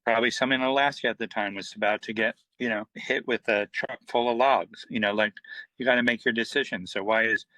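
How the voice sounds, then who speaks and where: Bright, animated middle-aged man. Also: mid-range voice, fairly quick, no room sound, rough recording. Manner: animated, acts out quoted dialogue, many fillers. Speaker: comic book writer, guest. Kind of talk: casual storytelling interview.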